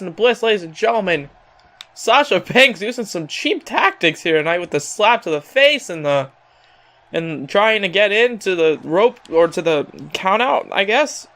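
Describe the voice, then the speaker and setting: Excitable high-voiced man calling a wrestling game. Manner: excitable, laughs often, calls the audience ladies and gentlemen. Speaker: gameplay commentator. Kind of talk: play-by-play wrestling game commentary.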